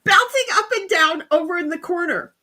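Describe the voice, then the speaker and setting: High, bright-voiced woman telling stories. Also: moderate pace. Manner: animated, frank, swears, stumbles and restarts. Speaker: livestream host. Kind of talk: casual storytelling chat.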